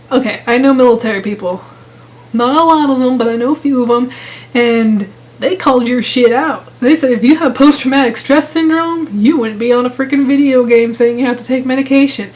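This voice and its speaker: A woman's voice: fairly high pitch, darkish tone, poor audio. A young woman vlogging casually about online gaming drama, sarcastic and exasperated, rambling with restarts. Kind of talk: casual ranting vlog.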